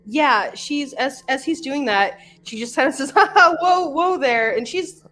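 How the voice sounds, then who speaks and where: A woman playing a tabletop game, chatty and animated as she describes her character. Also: high voice, measured pace. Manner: chatty, animated, full of fillers. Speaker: player.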